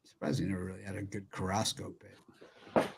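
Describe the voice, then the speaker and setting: A man's voice: sits low, monotone, normal speed, creaky, heavy background noise. A man hosting a live sports picks show, riffing jokily and repeating names for laughs as he runs through games.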